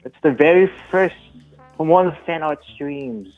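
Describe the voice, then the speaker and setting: A man calling in to a stream as a fan, talking in a halting, earnest and emotional way. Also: a little high, soft background music. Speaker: caller, fan. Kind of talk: casual call-in chat. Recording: tinny phone line.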